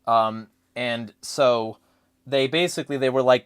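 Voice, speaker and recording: A man's voice: mid-range voice, unhurried, clean tone, dry recording, studio quality. Profane, rambling man ranting about politics. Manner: profane, rambling, animated rants. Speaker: podcast host. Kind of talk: casual political chat.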